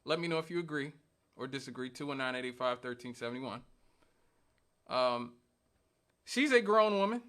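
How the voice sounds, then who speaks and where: A man's voice: medium pitch, animated, normal speed, long pauses, a bit bright. A male radio talk show host giving an emphatic, argumentative monologue, repeating points for stress. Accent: Northwest Indiana.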